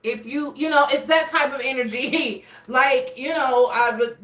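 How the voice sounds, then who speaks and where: A woman's voice: high-pitched, a little slow, few pauses, a bit bright. Rambling woman reading tarot. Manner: rambling, searching for words, frequent restarts. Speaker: tarot reader. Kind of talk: casual tarot reading monologue. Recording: echoey room, voice a bit far from mic.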